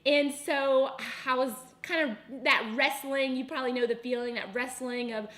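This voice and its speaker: A woman's voice: high voice, fairly even intonation, moderate pace, a bit bright. A young woman co-hosting a ministry video with her husband, chatting casually to camera and laughing often. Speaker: ministry vlogger, co-host with husband.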